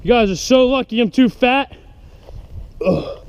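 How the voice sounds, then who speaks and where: A man's voice: very high voice, expressive, unhurried. A young man vlogging outdoors as he rides a bike, joking and trash-talking in casual chat, recorded on an action camera. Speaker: vlogger playing bike tag. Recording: dull lo-fi audio with loud outdoor noise.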